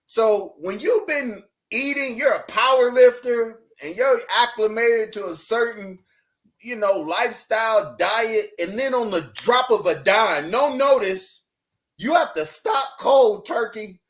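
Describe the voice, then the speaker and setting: High-voiced animated male storyteller. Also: unhurried. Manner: lively, laughing, acts out dialogue in his story. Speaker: podcast guest.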